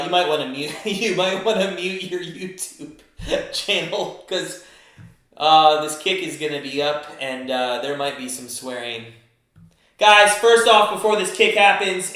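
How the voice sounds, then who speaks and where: A man hosting a live stream, giving excited play-by-play of a football game and breaking into angry shouts and swearing. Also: fairly high pitch. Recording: very echoey room.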